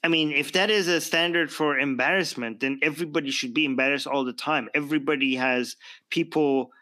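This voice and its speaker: A man hosting a podcast, talking in a lively, argumentative way and asking pointed rhetorical questions. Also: a little high, fairly quick, dry recording. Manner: animated, laughs often, rhetorical questions. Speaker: podcast host. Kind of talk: casual debate chat.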